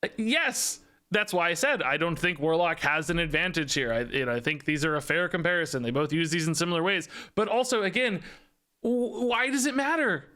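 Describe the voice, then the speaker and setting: A man streaming a card game, talking fast in an exasperated, animated rant with frequent laughs and repeated words. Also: on the high side.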